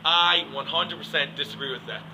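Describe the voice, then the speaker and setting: A man's voice: fairly high pitch, a little fast, sharp tone, slight background noise, poor audio. A young man, rambling through a casual comic rant with many "like"s and "I mean"s. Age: young adult. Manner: rambling, joking, full of "like" and "I mean". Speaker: yeshiva student comic.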